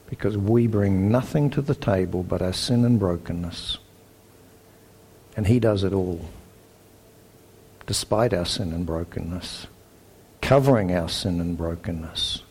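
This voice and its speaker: A pastor with a New Zealand accent preaches a sermon in a somewhat low, slightly mellow voice. Earnest and emphatic, he reads scripture aloud and drives each point home.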